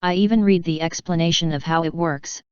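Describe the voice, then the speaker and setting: A woman's voice: lowish voice, a little fast, clean tone, no room sound, lightly acted. A synthetic woman's voice reading a spoiled, snobbish rich pony schoolgirl who brags, in slightly dull lo-fi audio. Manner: snobbish, boastful.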